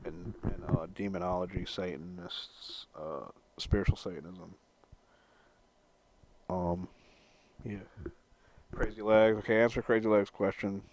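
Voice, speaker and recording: A man's voice: deep voice, fairly even intonation, measured pace, long pauses, darkish tone. A young man rambling and stammering as he answers chat on a live stream, swearing freely and laughing at his own jokes. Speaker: livestreamer reading chat.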